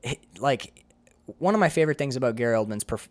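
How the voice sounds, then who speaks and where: A man from Michigan's Upper Peninsula co-hosting a casual film podcast, animated and swearing freely as he raves about movies. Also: mid-range voice, fast, no echo. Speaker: podcast co-host.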